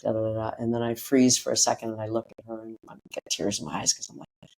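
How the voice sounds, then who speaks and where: A middle-aged woman, a breathwork teacher, telling a personal story as a guest in a podcast interview. She is animated, acts out quotes and swears casually. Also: very deep voice, quick pace.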